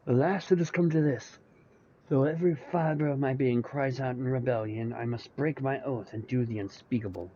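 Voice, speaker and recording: A man voicing a pompous, bumbling gentleman inspector with grandiose, old-fashioned speech, reading game dialogue aloud. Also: mid-range voice, normal speed, dull audio, a little hiss or hum, natural voice. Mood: earnest.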